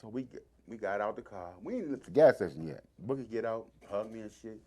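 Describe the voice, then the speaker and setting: A man with a D.C. accent and a fairly low voice talks fast as he tells a long, casual story. He's animated and acts out the voices of the people in it.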